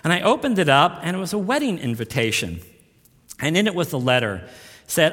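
A male pastor preaching a sermon earnestly, rising in force on key lines and dropping soft on tender ones. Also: fairly high pitch, very animated, a little fast, in a large hall.

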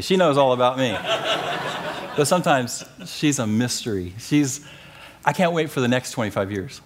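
A middle-aged man preaching and teaching from the Bible, animated and joking, pushing key phrases up with emphasis. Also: mid-range voice, slight background noise. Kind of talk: sermon-style Bible teaching.

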